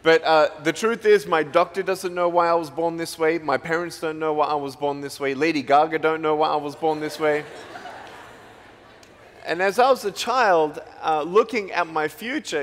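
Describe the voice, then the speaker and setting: Speaking at a normal pace in a slightly high voice, this Australian man gives a motivational talk to students filling a big school hall. He tells stories with lively energy and keeps things playful with plenty of jokes.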